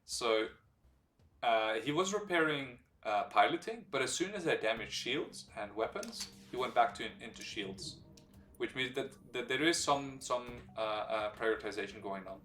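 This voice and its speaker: A man streaming a strategy game live, explaining its mechanics as he plays, relaxed and hesitant with many fillers. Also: mid-range voice, normal speed. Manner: explains game mechanics while thinking aloud. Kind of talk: live gameplay commentary. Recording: roomy sound from a distant mic, faint background music.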